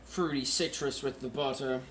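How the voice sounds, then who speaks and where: Man, put-on British accent, jokey rambling wine-tasting vlog, phone recording, mid-pitched voice, faint hum of room behind. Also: steady tone, normal speed, fairly bright tone. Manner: jokey, rambling and self-mocking.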